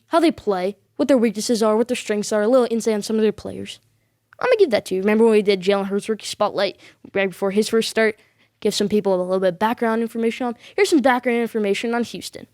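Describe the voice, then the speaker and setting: A woman delivers solo sports commentary as a podcast host, voice sitting a little high. She talks with insistent emphasis, doubling back on her points and speaking straight to the viewers. The sound is dry, with no room around it. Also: a little mellow, no echo. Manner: emphatic, repeats points for stress; bold predictions addressed to viewers.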